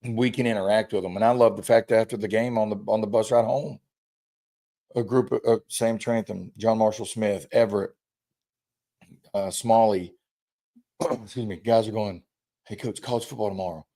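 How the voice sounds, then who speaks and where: A man with a low, mellow voice talks casually as a high school football coach. He rambles through stories and acts out the quotes of players. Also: fairly even intonation, moderate pace, pauses often. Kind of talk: casual chat.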